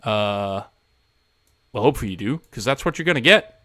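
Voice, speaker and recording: A man's voice: on the low side, animated, normal speed, fairly bright tone, no echo, clean studio sound. A man hosting a laid-back live radio stream, chatting casually and rambling with self-mocking asides and lots of fillers.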